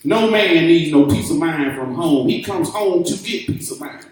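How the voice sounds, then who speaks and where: A man's voice: a little high, animated, normal speed, far from the mic, crowd noise. A man co-hosting a talk show, arguing in an emphatic, preachy, slangy way in a heated casual debate. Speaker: radio talk show co-host. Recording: echoey, off-mic room sound.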